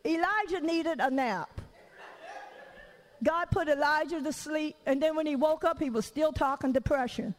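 A woman preacher giving a lively, conversational sermon in church. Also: high voice, normal speed, big-room sound, rough recording. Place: church during a service.

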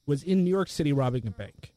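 A man co-hosting a casual podcast chat, jokey and quick to agree, fond of silly bits. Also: a little high, animated, warm tone. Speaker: podcast co-host.

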